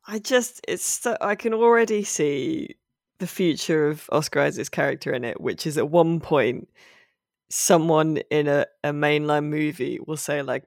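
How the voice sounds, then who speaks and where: A woman's voice: deep voice, normal speed, creaky, no echo. A woman hosting a podcast in casual chat, dry and wry, laughing often. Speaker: podcast host.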